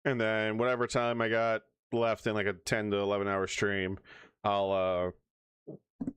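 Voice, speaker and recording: A man's voice: lowish voice, little pitch movement, normal speed, fairly bright tone, clean tone, no room sound. A man livestreaming, chatting casually and rambling as he plans his next streams, with hiccups. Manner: rambling, restarts often, hiccups.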